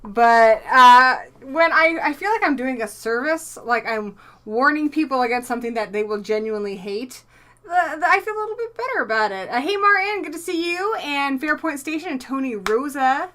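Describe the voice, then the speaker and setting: A high, bright, forceful woman's voice, young and excitable. She hosts a casual live stream about horror movies, greeting chat viewers by name and tossing in the odd swear word. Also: normal speed. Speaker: horror movie YouTube host.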